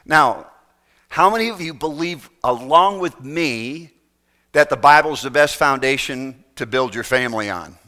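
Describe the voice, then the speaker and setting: Bright-voiced emphatic male preacher. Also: mid-range voice, normal speed. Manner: emphatic preaching with repeated rhetorical questions. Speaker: pastor. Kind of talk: sermon.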